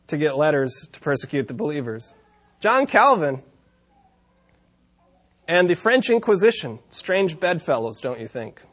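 A preacher tells his sermon as one long story, in a voice a bit higher than most men's, narrating with wry asides and little chuckles.

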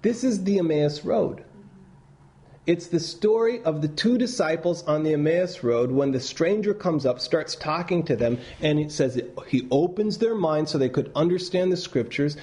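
A man teaching a class, telling stories in a loose, animated way with many restarts and reading passages aloud. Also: on the high side. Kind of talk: lecture with read-aloud passages.

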